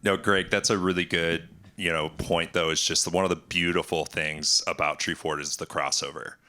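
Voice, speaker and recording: A man on a festival panel telling fond stories in a casual, animated way, acting out the quotes. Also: deep voice, moderate pace, slight background noise. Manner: animated storyteller, acts out quotes in a raised voice.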